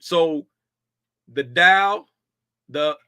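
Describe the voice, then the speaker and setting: A man's voice: fairly high pitch, drawn-out words, bright, forceful tone, smooth, dry recording. A man casually walking through trading charts on his screen, talking in a loose, colloquial way and checking in with "right?" after most points. He sounds tired and a bit draggy. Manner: conversational, repeats "right?" often, colloquial speech. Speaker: futures trading educator.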